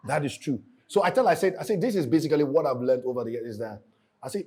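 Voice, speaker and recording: A married man speaking as a guest on a panel, halting and often repeating his words. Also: fairly high pitch, dark tone, breathy edge. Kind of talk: panel discussion.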